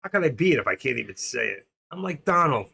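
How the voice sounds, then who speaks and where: A man's voice: mid-range voice, big pitch swings, quick pace, gravelly, bright, forceful tone, breathy edge. A man with a New York accent from Queens hosting a trading livestream, rambling and joking as he thinks aloud. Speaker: stock trading livestream host. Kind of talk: casual livestream chat.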